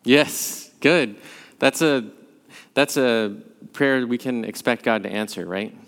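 A man's voice: medium pitch, slow pace, a bit bright. A man leading a Bible study class, talking through the passage conversationally and thinking aloud as he goes. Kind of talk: leading a church class discussion. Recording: long hall reverb.

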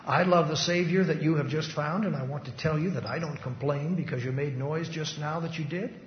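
Man playing kindly old factory owner, quiet, slow, slight quiver, fairly high voice, hall echo. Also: fairly even intonation, close to an everyday voice. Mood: tender. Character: gentle kindly older male factory owner. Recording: echoey hall, dull lo-fi sound.

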